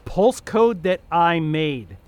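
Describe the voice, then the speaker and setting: A man's voice: on the high side, expressive, slow pace, smooth, dry recording. An actor playing a proud, irritable male alien prisoner who lives inside a human's mind, speaking with contempt in an audio drama. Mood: scornful. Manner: contemptuous and indignant.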